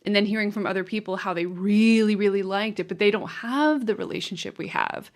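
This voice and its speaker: A woman's voice: mid-range voice, a little fast. Chatty woman co-hosting a podcast. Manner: chatty, laughing, blunt. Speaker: podcast co-host. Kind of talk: casual film review chat.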